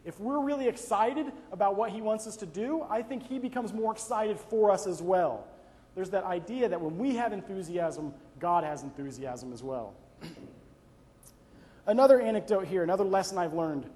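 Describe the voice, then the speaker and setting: Young man, high voice, conversational church talk, long hall reverb. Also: expressive, moderate pace, a little mellow. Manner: conversational, frequent "right?" tag questions. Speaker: speaker giving a devotional talk. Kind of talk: church talk with personal anecdotes.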